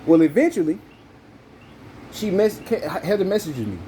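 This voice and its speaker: A man from the telling a personal story in casual, profane, animated chat. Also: normal speed, slight background noise, poor audio. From Southern United States. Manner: animated, profane, jumps into high voices when quoting himself. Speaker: podcast host.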